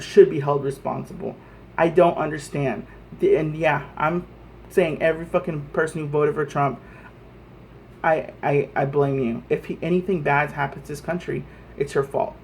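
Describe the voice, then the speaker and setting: A man's voice: fairly high pitch, normal speed, darkish tone, slight background noise. Heated, cursing man ranting to camera. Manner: heated, profane, repeats himself. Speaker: vlogger. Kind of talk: angry political rant to camera.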